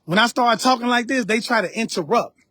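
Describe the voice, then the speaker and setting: On a live stream, a man with an extremely high, sharp voice and lively intonation gives a casual spiritual lecture at a fairly quick pace. He addresses viewers directly in a preachy way, repeating phrases and points, in clean studio sound with no echo.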